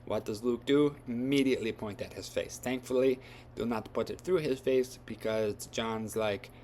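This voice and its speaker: A man's voice: on the low side, moderate pace, darkish tone, a little hiss or hum. A man retelling a story from memory in a casual, rambling way with loose grammar and lots of fillers.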